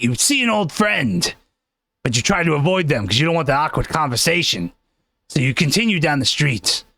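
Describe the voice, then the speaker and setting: A man voicing a touchy, grandiose male fortune teller, making slow, solemn pronouncements and snapping commands in a comedy bit. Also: mid-range voice, bright, forceful tone, no room sound. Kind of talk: comedic improv character.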